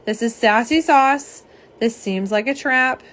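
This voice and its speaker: A young woman hosting a casual live stream, slightly hoarse, chatty and self-deprecating as she talks to viewers. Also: fairly high pitch, measured pace, a bit bright. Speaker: live stream host showing nail polish swatches.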